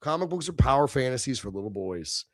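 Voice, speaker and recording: A man's voice: mid-range voice, big pitch swings, a little fast, dry recording, studio quality. A middle-aged man hosting a livestream, venting in a heated, profane, sneering rant. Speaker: livestream host. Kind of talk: ranting livestream monologue.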